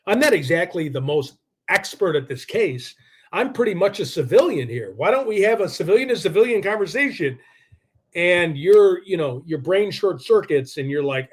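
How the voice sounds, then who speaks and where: A man hosting a live true-crime stream in a rambling, combative way. His voice sits a little higher than most men's. He fills his talk with "like" and restarts. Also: lively intonation, moderate pace. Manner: rambling, combative, heavy use of "like".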